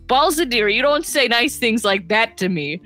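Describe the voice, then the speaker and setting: A woman's voice: a little high, animated, normal speed, pushed and bright, faint music behind, voice pushed up. A woman voicing a chatty, friendly male devil who gossips about his coworkers in a tabletop game. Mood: flattered.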